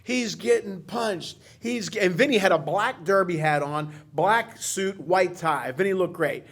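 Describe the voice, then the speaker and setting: A man with a high voice hosts a casual talk show and tells long, rambling stories about an old friend. He gets emotional and laughs easily as he goes along. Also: lively intonation, normal speed, fairly bright tone. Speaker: podcast host. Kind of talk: casual storytelling chat.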